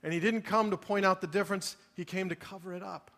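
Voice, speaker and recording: The pastor, a man with a high voice, preaches quickly with fairly even intonation, earnest and pleading throughout. Quiet reflective moments give way to emphatic appeals, all ringing in a large sanctuary's long reverb.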